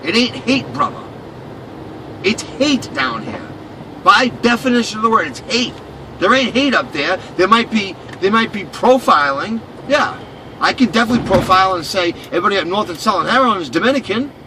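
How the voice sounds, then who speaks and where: A man's voice: high voice, lively intonation, moderate pace. A man from Boston riding as a taxi passenger, ranting with emphatic, profane talk and repeating himself. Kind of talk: heated personal rant. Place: inside a taxi cab. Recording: distant voice under loud road noise. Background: road and engine noise.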